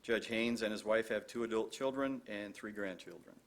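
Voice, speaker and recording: A man's voice: on the low side, normal speed. A man announcing at a graduation ceremony, reading award and speaker introductions from a script at a podium microphone, with a few stumbles. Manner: formal, read from script, some stumbles.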